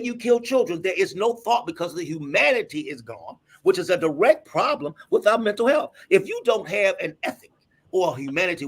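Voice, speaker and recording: A middle-aged man, a doctor, telling emphatic stories in a lively, husky voice. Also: high-pitched. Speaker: guest doctor. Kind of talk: animated storytelling.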